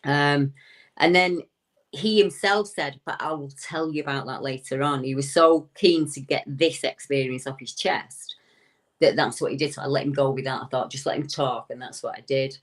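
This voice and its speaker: A woman's voice: rumbling low, steady tone, normal speed. A woman from the United Kingdom, a guest recounting a witness's encounter in conversational storytelling, acting out the quoted words of the people in her tale.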